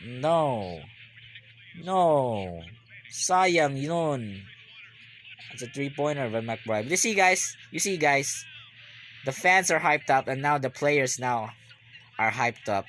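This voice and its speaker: A man giving live basketball reaction commentary, rambling and repeating himself, then bursting into excited yells. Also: medium pitch, slow, slight background noise.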